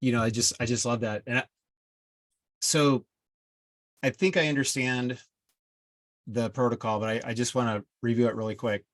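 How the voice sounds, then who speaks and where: A man who is a group member in a casual group discussion, speaking hesitantly and halting as he goes. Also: mid-range voice, steady tone, a bit bright, dry recording. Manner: hesitant, halting, restarts often.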